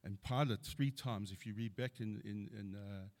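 A man's voice: on the low side, normal speed, darkish tone. A middle-aged man preaching a sermon, earnestly quoting scripture and building to emphatic points.

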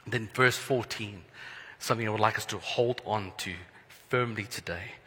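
A man pastor preaching a sermon in an earnest, prayerful way, letting his phrases trail off softly. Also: lowish voice, normal speed, husky. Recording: long hall reverb.

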